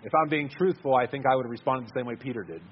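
A man's voice: medium pitch, very fast, breathy edge, lo-fi sound. A man giving an earnest, conversational sermon, repeating words as he stresses his points. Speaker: preacher.

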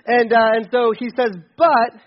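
A man with a very high voice preaches at normal speed with fairly even intonation, the sound lo-fi. Speaking conversationally about a Bible passage, he rambles casually and acts out examples in playful asides.

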